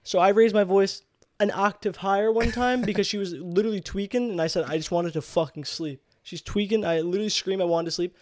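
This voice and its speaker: A man in his twenties, one of a podcast's co-hosts, tells a story in a heated rush, cursing as he goes. His voice sits high for a man and the words tumble out quickly. The recording is dry and close, with no room around him. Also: no echo. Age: 20s. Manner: heated, profane, animated ranting. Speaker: podcast co-host. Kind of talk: casual storytelling chat.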